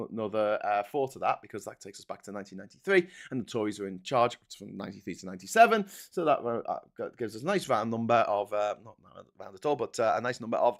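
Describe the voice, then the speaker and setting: A man hosting a casual, sarcastic and exasperated commentary on newspaper front pages. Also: mid-range voice. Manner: sarcastic and exasperated, breaking into laughter. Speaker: host.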